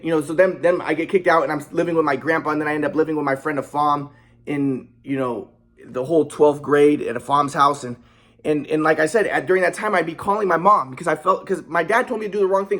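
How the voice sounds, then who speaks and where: Young guy ranting about his past, quick and husky, keeps restarting, kinda high voice. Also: a bit bright. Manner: rambling, aggrieved, many restarts and repetitions. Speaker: vlogger. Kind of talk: personal storytelling monologue.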